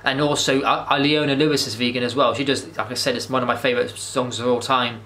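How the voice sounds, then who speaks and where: Guy vlogging, gushing and rambling, talks fast, bright tense tone. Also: medium pitch, steady tone. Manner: rambling and enthusiastic, with frequent restarts and swearing. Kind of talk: casual movie review monologue.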